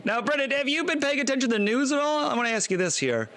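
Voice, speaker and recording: A man's voice: extremely high pitch, sing-song, fast, sharp tone. A man co-hosting a comedy podcast, playing a mock interviewer and laughing often. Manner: jokey interviewer, laughs a lot. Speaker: podcast co-host. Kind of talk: casual comedic banter.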